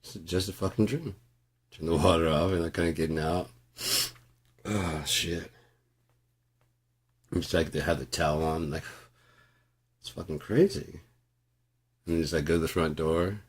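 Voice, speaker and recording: A man's voice: very deep voice, steady tone, unhurried, pauses often, slightly rough. A man rambling casually through a profane monologue, often laughing. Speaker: vlogger.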